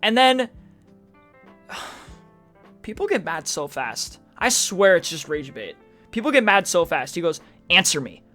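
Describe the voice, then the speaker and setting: A man's voice: high voice, big pitch swings, slow, long pauses, fairly bright tone, soft background music. A man streaming casual reddit reaction commentary, chatty with sarcastic asides, reading posts aloud in a mocking tone.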